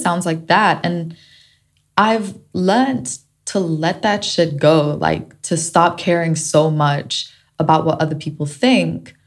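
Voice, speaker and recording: Woman podcast host, low voice, Kenyan-British accent that drifts mid-sentence, candid and reflective. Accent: shifting mix of Kenyan and British. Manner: reflective and candid, warming to playful. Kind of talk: solo podcast monologue.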